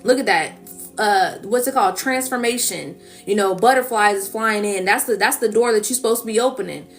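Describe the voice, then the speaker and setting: A woman's voice: medium pitch, fairly quick, soft background music. A woman giving a spiritual collective reading in a casual, coaxing manner, often checking in with "okay?" and "right?". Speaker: tarot reader.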